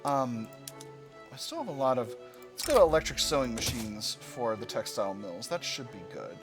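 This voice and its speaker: A man talks through his moves in a strategy game, thinking aloud in a relaxed, chatty way. His pitch swings widely, jumping into playful high squeals when something pleases him. Game music plays clearly behind him. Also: normal speed. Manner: musing, playful asides, sudden high squeals of delight. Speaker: strategy game let's-player. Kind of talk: casual gameplay commentary.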